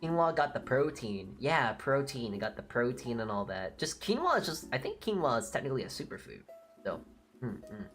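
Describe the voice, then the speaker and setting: A woman's voice: a bass voice, sing-song, a little fast, soft background music. A woman streamer chatting casually on a live stream, blunt and opinionated, with casual swearing.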